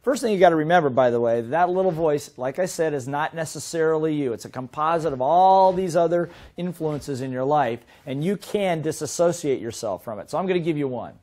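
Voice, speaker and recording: Middle-aged guy running a sales seminar, fairly high voice, lively and asks lots of questions. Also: brisk, hardly any pauses. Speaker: sales trainer. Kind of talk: seminar teaching talk.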